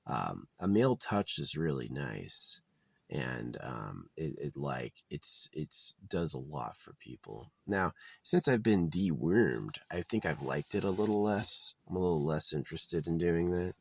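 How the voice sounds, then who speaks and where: Very deep gravelly man rambling. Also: very animated, unhurried, dry recording. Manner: meandering, crude, blunt opinions with many fillers. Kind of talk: rambling monologue. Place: outdoors.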